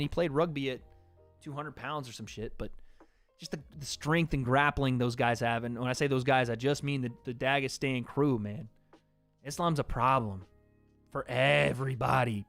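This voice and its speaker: A man's voice: mid-range voice, a bit bright, no echo. A young man hosting a casual livestream, reading out donations and chatting loosely, laughing often and swearing casually.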